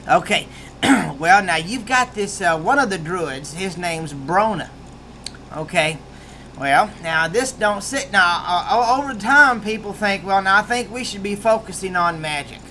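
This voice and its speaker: A man's voice: sits high, bright, forceful tone, slight background noise. A man with a rural American accent giving a casual book review, rambling with many restarts.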